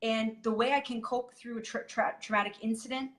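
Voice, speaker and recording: A woman guest sharing a hard personal story candidly, in halting sentences full of restarts and fillers. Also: a little high, fairly even intonation, fairly bright tone.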